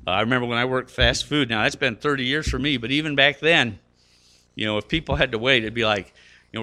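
A man's voice: mid-range voice, quick pace, pushed and bright. A middle-aged man preaching a sermon, earnest and conversational, climbing to emphatic peaks with fillers and restarts. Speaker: pastor.

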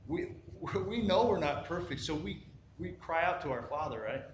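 A man's voice: on the high side, very animated, normal speed. A man giving an informal sermon, telling a parable in a conversational way and often checking in with "right?". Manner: conversational, repeats "right?", frequent restarts and fillers. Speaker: Christian teacher. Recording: echoey room with faint ambient noise.

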